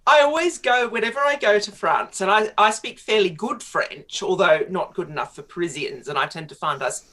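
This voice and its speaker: A woman's voice: medium pitch, brisk, fairly bright tone. A middle-aged woman, a writer interviewed on talk radio, telling stories in a chatty way with frequent laughs. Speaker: guest writer.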